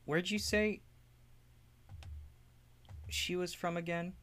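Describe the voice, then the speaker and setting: A man playing a tabletop game, talking in an excitable, casual way. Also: high-pitched, slow pace, clean tone. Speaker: player.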